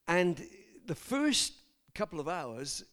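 A man's voice: sits high, very animated, takes it slowly, fairly bright tone. A man preaching a personal testimony to his congregation, earnest and direct, breaking off to question his listeners and stumbling over words when moved. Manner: earnest, speaks straight to the congregation with asides and questions.

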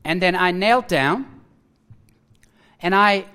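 A man preaching a personal testimony, emotional and halting, repeating his phrases and restarting as he speaks. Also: sits high, bright, forceful tone, clean tone.

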